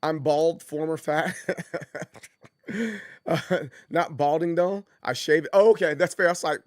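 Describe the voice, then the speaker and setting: A man chatting casually on his livestream, rambling with frequent restarts and jumping into high mock voices as he tells stories. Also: unhurried, long pauses, no echo, studio quality. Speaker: streamer.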